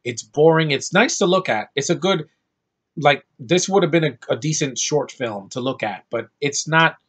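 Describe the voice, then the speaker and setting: A man's voice: on the high side, moderate pace, a bit bright, breathy edge. A man giving a blunt, profane, rambling film review rant. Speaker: movie reviewer.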